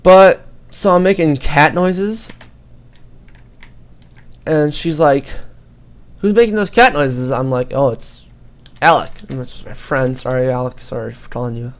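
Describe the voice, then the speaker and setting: A man's voice: medium pitch, steady tone, unhurried. A teenage boy gaming YouTuber telling a school story over gameplay, rambling and swearing a lot.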